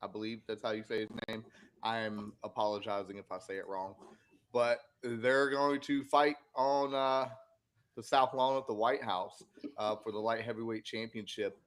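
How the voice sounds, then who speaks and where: A man's voice: on the low side, steady tone, normal speed. A man co-hosting a sports podcast, chatting casually and rambling with many fillers and restarts. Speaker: podcast co-host.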